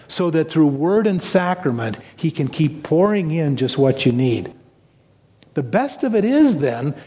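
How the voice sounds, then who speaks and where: Male pastor, fairly high voice, earnest sermon delivery, long church-hall reverb. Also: a little mellow.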